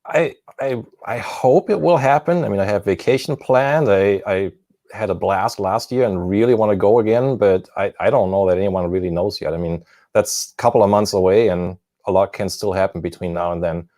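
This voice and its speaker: A man on a video call as a guest, answering questions in a calm, measured way. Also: on the low side, no room sound, studio quality. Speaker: guest pilot. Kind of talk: casual interview chat.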